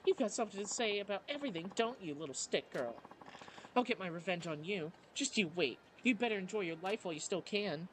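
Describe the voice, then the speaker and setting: A let's play narrator with a high-sitting male voice reads a game aloud, voicing a vain young female idol rival in a haughty, taunting, self-important way. His intonation is lively and a bit bright, his pace a little fast, and the mood is petulant. The recording is rough, with a little hiss or hum.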